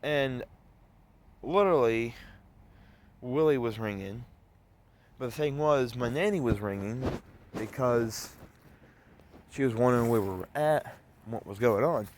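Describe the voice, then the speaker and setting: A man's voice: mid-range voice, measured pace, long pauses, slight background noise. A man casually telling a rambling story to the camera, with many fillers and restarts. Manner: rambling, filler-heavy retelling. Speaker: vlogger.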